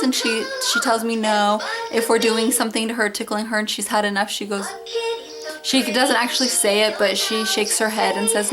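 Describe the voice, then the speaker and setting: A woman's voice: medium pitch, brisk, loud music behind the voice. A young woman chatting casually through a baby update, talking to her viewers at home with lots of fillers. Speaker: mom vlogger.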